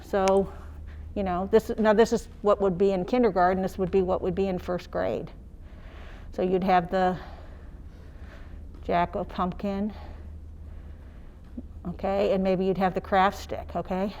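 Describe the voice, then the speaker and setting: A woman teacher demonstrating phonics, sounding out words slowly and singing little chants the way she would for young children. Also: mid-range voice, level tone, a little mellow. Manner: slow, sing-song teacher talk modeling sounds for young children.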